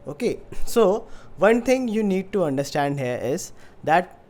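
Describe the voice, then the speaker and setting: A man teaching a tabla lesson, patiently explaining and speaking drum syllables with clear stress, with tabla playing heard in the background. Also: high-pitched, very animated, measured pace, a little mellow, faint music behind.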